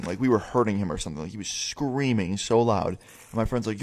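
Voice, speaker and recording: A man's voice: on the low side, lively intonation, normal speed. A young man telling a story casually, swearing a lot and rambling with many fillers.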